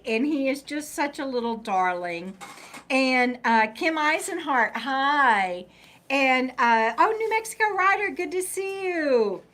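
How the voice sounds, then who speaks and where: A woman's voice: high-pitched, a bit bright. A middle-aged woman chatting casually on a live stream, rambling and breaking off to talk to her dog. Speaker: vlogger reading live chat.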